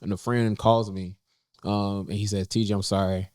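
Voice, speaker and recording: Low-voiced man telling a story haltingly. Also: little pitch movement, a little mellow, clear, resonant tone, dry recording, clean studio sound. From North Carolina, USA. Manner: halting, many fillers and restarts, voice lifts when quoting himself. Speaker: podcast co-host sharing a personal story. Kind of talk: casual heartfelt conversation. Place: indoors in a cafe.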